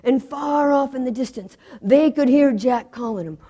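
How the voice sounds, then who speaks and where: A woman telling a folktale in an expressive, rhythmic way with sound effects. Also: sits high, moderate pace, few pauses, slightly rough. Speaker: storyteller. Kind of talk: folktale storytelling.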